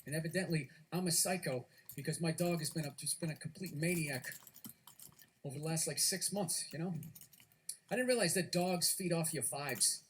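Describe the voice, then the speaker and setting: A man's voice: fairly high pitch, normal speed, a bit bright, a little hiss or hum. A man doing stand-up comedy on stage, ranting and swearing in a conversational way.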